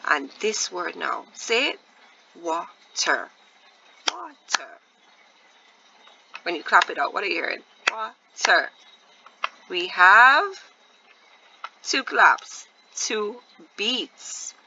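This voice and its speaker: A woman teacher giving a patient phonics lesson to young children, repeating words slowly and asking encouraging questions. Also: mid-range voice, animated, bright, forceful tone, highs cut off, slight background noise. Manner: drawn-out, deliberate word repetition with encouraging questions.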